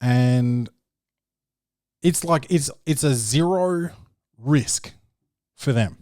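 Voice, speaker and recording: A young man hosting a podcast, telling stories in a profane, slangy, animated way. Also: medium pitch, extremely slow, no room sound, clean studio sound. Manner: swearing, slangy, animated storytelling. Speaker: podcast host. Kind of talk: casual profane monologue.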